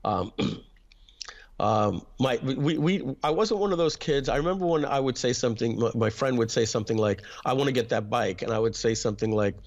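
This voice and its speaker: A man being interviewed, reflectively telling family stories about his upbringing and often clearing his throat. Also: mid-range voice, expressive, normal speed, highs cut off. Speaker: interview guest, internet marketer. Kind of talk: personal storytelling in an interview.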